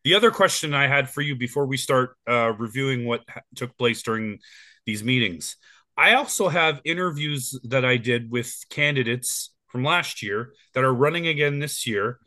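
A man's voice: medium pitch, animated, moderate pace, pushed and bright, dry recording. A man in his forties co-hosting a casual podcast, rambling with plenty of ums and restarts. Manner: rambling, with many fillers and restarts. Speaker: podcast co-host.

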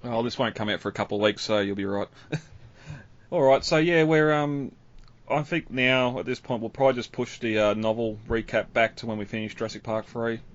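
A man's voice: mid-range voice, steady tone, moderate pace, no room sound. A man hosting a podcast in casual chat, laughing often. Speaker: podcast host. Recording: dry, slightly dull audio.

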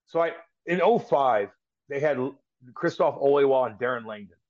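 On a slightly dull, lo-fi recording, a St. Louis, US man who once played pro hockey rambles through a casual story as a podcast guest, swearing a lot and starting sentences over. His mid-range voice is animated and darkish in tone, at a moderate pace.

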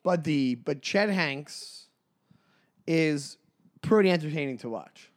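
A man co-hosting a comedy podcast, animated and quick to laugh, often stumbling and restarting his sentences. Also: on the high side. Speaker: podcast co-host. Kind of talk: casual comedic chat.

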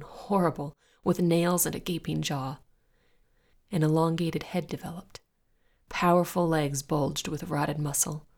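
A woman reading a horror story aloud in a low, gravelly voice. Her delivery is hushed and husky, often dropping to a whisper for dramatic effect. She hosts a spooky story podcast. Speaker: story narrator and podcast host.

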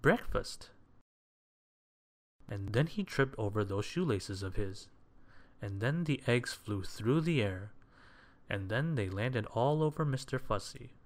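A man reading a children's story aloud in a measured, expressive way. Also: fairly low pitch.

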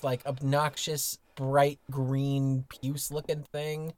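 A man's voice: on the high side, fairly even intonation, slow pace, few pauses, no echo. A man from the United States co-hosting a podcast, talking in a candid, self-mocking, casually profane way. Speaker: podcast co-host. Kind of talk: casual chat.

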